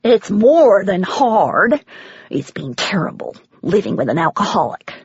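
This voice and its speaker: A woman's voice: on the high side, very animated, unhurried, slightly rough, dry recording, highs cut off, exaggerated voice. A woman putting on a bitter older country woman. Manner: accusing, clipped rural speech.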